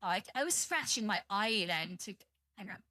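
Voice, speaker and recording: British woman, young, livestream chat, bright clear voice, dry close sound, blunt and sweary. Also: medium pitch, lively intonation, normal speed, no room sound. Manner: blunt, profane, rambling. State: tired. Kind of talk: casual live-stream chat to viewers.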